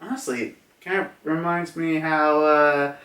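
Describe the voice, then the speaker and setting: A man's voice: a little high, steady tone, measured pace, sharp tone. A man casually recapping a manga chapter, rambling with lots of fillers as he goes. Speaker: manga reviewer. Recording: roomy, from a distance.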